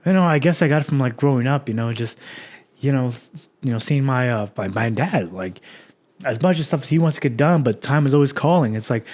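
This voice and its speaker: A young man talks through his own life on his podcast, candid and rambling, full of fillers and false starts. His voice sits at an ordinary middle pitch for a man. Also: expressive, a little fast, darkish tone. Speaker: podcast host. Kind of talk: reflective personal podcast monologue.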